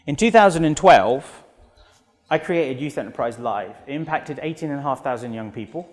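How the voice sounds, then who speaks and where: British man speaking in an echoing hall. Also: mid-range voice. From United Kingdom. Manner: energetic storytelling with acted quotes. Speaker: motivational speaker. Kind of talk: motivational keynote talk. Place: large auditorium. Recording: long hall reverb.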